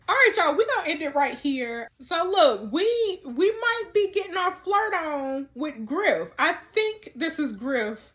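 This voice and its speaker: A woman hosting a gaming video, commenting in an animated, laughing way and talking to viewers. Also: very high-pitched, unhurried, few pauses. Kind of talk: gameplay commentary.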